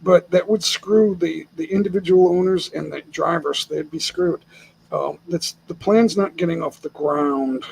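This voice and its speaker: A man's voice: fairly high pitch, a little slow, gravelly, a little mellow, slight background noise, low-quality recording. An older man from the United States hosting a casual live stream chat from home, speaking bluntly and with opinions, chuckling often.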